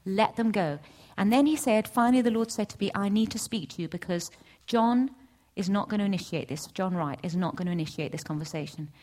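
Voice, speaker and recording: A middle-aged woman giving a testimony at a church session, storytelling with lively acted-out dialogue. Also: a little fast, hardly any pauses. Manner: animated storytelling, acts out voices with big pitch jumps. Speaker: church speaker. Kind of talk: testimony sermon.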